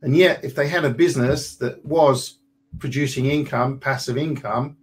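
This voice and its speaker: An animated man in his forties coaches listeners in a relaxed, colloquial way. His voice sits at a middle pitch, neither high nor low, and he keeps slipping into little acted-out conversations. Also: moderate pace, poor audio. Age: 40s. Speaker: property business coach. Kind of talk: motivational webinar talk.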